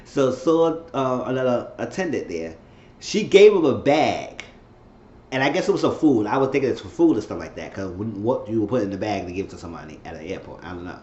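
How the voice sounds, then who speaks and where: A man's voice: lowish voice, big pitch swings, brisk, darkish tone. A man reviewing a TV episode on his channel in a casual, loose and rambling way, with restarts. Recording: roomy, slightly dull home recording.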